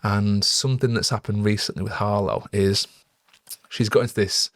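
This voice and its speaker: A man's voice: fairly low pitch, fairly even intonation, normal speed, no room sound, clean studio sound. A young man co-hosting a podcast, telling a parenting story in an earnest, reflective way with lots of fillers. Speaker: podcast co-host. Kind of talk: casual chat.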